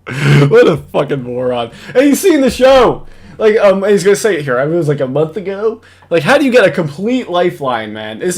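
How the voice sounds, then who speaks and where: A young man hosting a casual reaction commentary from home, mocking and profane, rambling with lots of fillers and laughs. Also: a little high. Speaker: commentary host. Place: home recording setup. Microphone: wired headphones with computer mic.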